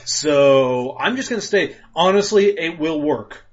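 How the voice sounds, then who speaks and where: Brief: male podcast co-host, high-ish lively voice, rowdy and laughing, dull lo-fi sound. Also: a little slow. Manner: animated, laughs a lot, acts out rants in loud voices. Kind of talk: casual profane chat.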